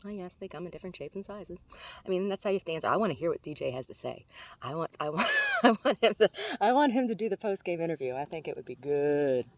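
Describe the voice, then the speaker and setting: A woman's voice: deep voice, very animated, quick pace. A woman vlogger chatting casually outdoors among the trees, rambling and self-deprecating, laughing at her own jokes. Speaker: vlogger doing tarot card readings.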